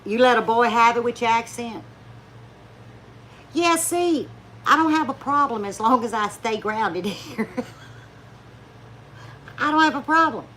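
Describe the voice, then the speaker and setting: A woman's voice: fairly high pitch, lively intonation, a little slow, long pauses, bright, forceful tone, a little hiss or hum. A woman telling folksy stories to her viewers in a chatty way, laughing often and acting out the people she talks about. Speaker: YouTube vlogger. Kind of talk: casual storytelling chat to viewers.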